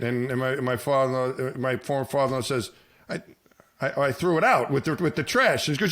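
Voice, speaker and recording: A middle-aged man, a former astronaut co-hosting a podcast, telling a long story in a rambling way, with many restarts and lively quoted voices. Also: mid-range voice, normal speed. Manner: rambling, many restarts, animated when quoting people. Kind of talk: casual storytelling chat.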